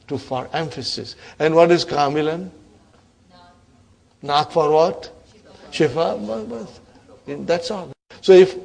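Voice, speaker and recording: A man teaching an Arabic grammar class, encouraging his students and asking them questions. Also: a little high. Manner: encouraging, asks the class questions, repeats words for emphasis. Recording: classroom lecture recording.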